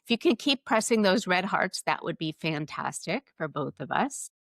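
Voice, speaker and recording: A woman hosts a live interview, speaking in earnest, thoughtful phrases. Her voice sits fairly low. The sound is dry and close, with no room echo. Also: sing-song, moderate pace, fairly bright tone. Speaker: podcast host.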